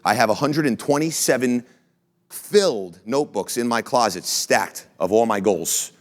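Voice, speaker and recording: Brash, energetic man telling stories. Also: mid-range voice, normal speed. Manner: energetic storyteller, brash and boastful. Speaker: franchise CEO and speaker. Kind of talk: motivational talk to an audience.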